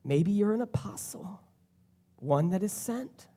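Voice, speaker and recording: An earnest preacher delivers a sermon in a voice of middling pitch. Key phrases come back again and again for emphasis, in a plain, direct way of talking to a congregation. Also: lively intonation, measured pace, mellow.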